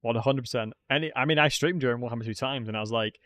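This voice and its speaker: A man's voice: mid-range voice, quick pace, fairly bright tone, dry recording. A young man streaming a strategy game match, chatting casually and joking at his own expense. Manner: chatty, joking, self-mocking. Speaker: streamer playing a tournament match. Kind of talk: casual live-stream chat while gaming.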